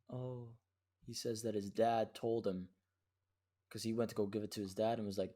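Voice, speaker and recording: A young man hosts his own show and tells a story in a casual, rambling way. His voice sits on the low side. He swears freely and peppers his talk with "dude". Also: a little slow, long pauses. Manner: slangy and profane, says "dude" a lot, animated retelling. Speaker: podcast host.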